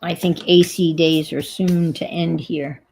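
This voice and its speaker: A woman's voice: lowish voice, fairly even intonation, unhurried, gravelly, darkish tone, slightly rough, rough recording. A woman with a New York accent chatting casually and thinking aloud while she crafts at home on a livestream.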